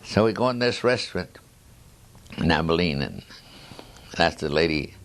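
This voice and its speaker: A man in his nineties tells war stories in a rambling oral history, chuckling at his own tales with frequent restarts and trailing asides. His voice is deep, animated, and a bit bright, at a normal speed.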